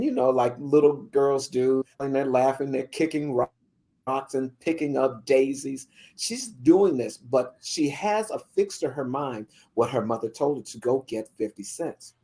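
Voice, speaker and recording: Brief: podcast guest spinning a story, lively pitch swings, lots of "you know". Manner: vivid, animated storytelling with many "you know"s. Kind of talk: told story in conversation.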